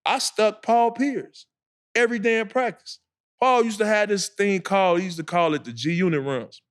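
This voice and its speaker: A man, co-hosting a podcast and telling an animated story full of acted-out quotes. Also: high-pitched, normal speed. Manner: animated storyteller, acts out quotes, laughs a lot. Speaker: podcast co-host. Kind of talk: casual storytelling.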